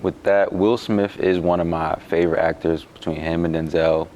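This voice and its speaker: A young man, a college basketball player, answering interview questions in a relaxed, halting way with many fillers. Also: sits low, lo-fi sound, a little hiss or hum. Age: young adult.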